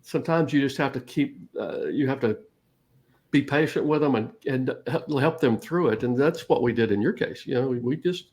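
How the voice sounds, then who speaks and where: A man's voice: mid-range voice, moderate pace, darkish tone. A middle-aged man co-hosting a casual talk show, telling a family story and laughing often. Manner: tells stories with laughs. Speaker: co-host.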